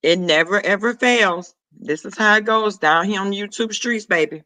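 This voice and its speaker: A man, chatting casually on a live stream, sassy and profane, throwing quick asides to his viewers. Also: sits high, bright, forceful tone, no echo. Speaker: vlogger greeting live chat.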